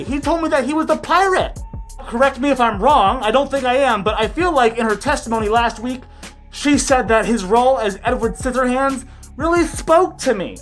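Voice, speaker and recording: Loud, sarcastic woman ranting. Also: sits high, lively intonation, normal speed, faint music behind. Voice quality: slightly muffled by a face mask. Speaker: commentary vlogger. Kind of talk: ranting commentary.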